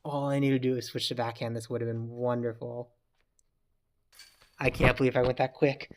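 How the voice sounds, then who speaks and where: Brief: male gaming creator, talky play-by-play, mid pitch, loud groans at misses. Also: level tone, normal speed. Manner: chatty, reacts loudly to bad throws. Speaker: gaming YouTuber. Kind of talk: casual gameplay commentary.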